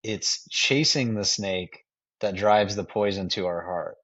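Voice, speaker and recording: A man's voice: fairly low pitch, a little slow, a bit bright. A man co-hosting a casual political podcast, thoughtful, quoting a book and drawing lessons from it. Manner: reflective, quotes books. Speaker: podcast co-host. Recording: dull lo-fi sound.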